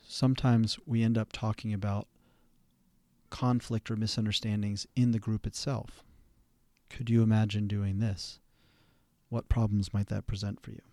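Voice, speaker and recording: Measured, low-voiced male therapist lecturing. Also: little pitch movement, dark tone, no echo. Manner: measured, halting delivery with frequent fillers and restarts. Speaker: therapist and podcast host. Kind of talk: instructional podcast lecture.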